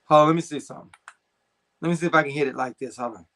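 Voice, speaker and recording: A man's voice: a little high, very fast, a bit bright. A young adult man hosting a live stream, chatting casually with slang and reading viewer comments. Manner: laid-back slangy banter, frequent fillers.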